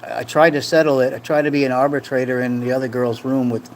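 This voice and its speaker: Brief: casual male livestream host, mid-pitched, jokey and rambling, faint background hiss. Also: little pitch movement, fast. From Rhode Island. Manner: rambling, jokey, reads chat comments aloud. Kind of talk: casual live-stream chat. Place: home room in the Philippines.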